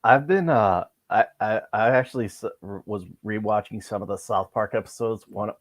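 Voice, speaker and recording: Halting low-voiced man, dry sound. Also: no room sound. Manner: halting, restarts and repeats words. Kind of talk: casual chat.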